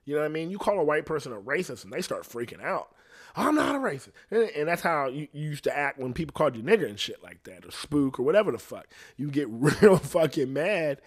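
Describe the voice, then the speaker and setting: A man hosting a podcast, ranting in a rambling, profane, comedic way, laughing often and sometimes dropping to a low mutter. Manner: drops to a low mutter at times. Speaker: podcast host. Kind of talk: casual comedic rant.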